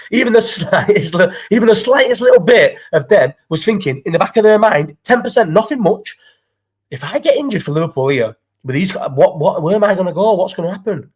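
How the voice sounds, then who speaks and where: Young male podcast host, rapid-fire and profane, slightly higher voice. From Falmouth, England. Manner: sweary, ranting football opinions. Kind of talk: casual live chat.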